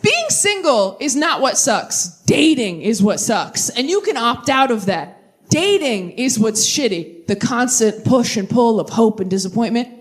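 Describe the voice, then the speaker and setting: A woman in her thirties performing a stand-up comedy set, animated and jumping into high, exaggerated voices for the people she quotes.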